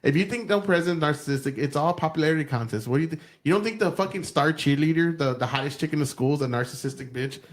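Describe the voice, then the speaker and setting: Man, podcast co-host, rapid talk, slightly high voice, animated and profane. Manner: animated, profane, acts out quotes. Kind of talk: casual political chat.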